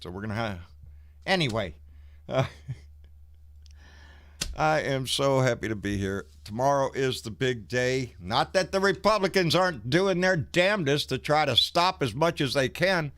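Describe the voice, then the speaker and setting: A man's voice: medium pitch, expressive, moderate pace, a bit bright. A man, out of breath, hosting a casual live stream and greeting viewers in a folksy, swearing way. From Texas.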